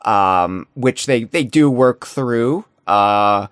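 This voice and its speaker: A man co-hosting a podcast in casual chat, talking in a rambling, animated way with many restarts. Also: mid-range voice, very slow, clear, resonant tone, no echo, clean studio sound. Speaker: podcast co-host.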